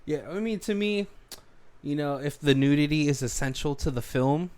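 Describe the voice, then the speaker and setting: Slightly mellow and clean in tone, this man's high-leaning voice moves at a moderate pace through a studio mic. Co-hosting a movie commentary podcast, he keeps things casual, full of rambling, fillers, and laughs.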